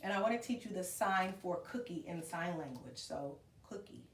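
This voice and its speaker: Animated woman reading to preschoolers. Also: on the low side, normal speed, slight background noise. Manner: animated, coaxing, counting aloud for children. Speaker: preschool teacher reading aloud. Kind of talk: storybook read-aloud with movement exercises. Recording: roomy echo from a distant camera.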